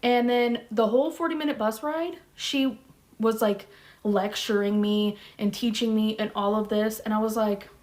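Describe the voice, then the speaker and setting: A woman's voice: a little high, fairly even intonation, normal speed, a little mellow. Chatty, blunt woman in her thirties. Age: 30s. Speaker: vlogger. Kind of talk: casual storytelling to camera.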